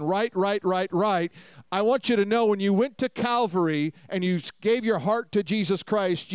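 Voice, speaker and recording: A man delivers a sermon in a high, ringing voice, reading scripture and driving each point home with emphatic repetition. The sound is close and dry, with no room around it. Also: clear, resonant tone, no room sound. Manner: reads scripture aloud and expounds with emphatic repetition. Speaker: preacher.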